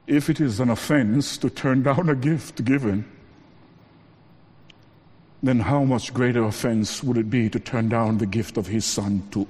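A man preaching a sermon, rising to emphatic lines and dropping to quiet ones, slowing to stress key words. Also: husky, big-room sound. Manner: preaching with wide swings between raised emphatic lines and low quiet ones; slows down to stress key phrases.

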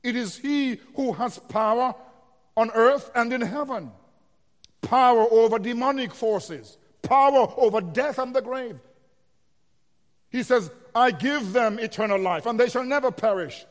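High-pitched guy preaching, expository and building to big emphatic points, long hall echo. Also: a little slow. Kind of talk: sermon. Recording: long reverb of a large hall.

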